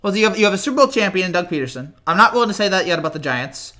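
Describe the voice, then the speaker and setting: A young man hosting a casual live reaction stream, rambling and excitable, whose voice cracks often. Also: sits high, racing. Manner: rambling, excitable, repeats himself.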